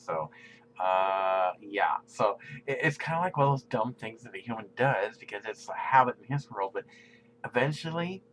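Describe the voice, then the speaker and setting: Man, low-pitched, giggly, sheepish, rambling video message, faint hiss. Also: expressive, brisk, low-quality recording. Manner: giggly, self-conscious, often laughing mid-sentence; drops to a soft near-whisper when embarrassed. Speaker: aspiring actor addressing a celebrity.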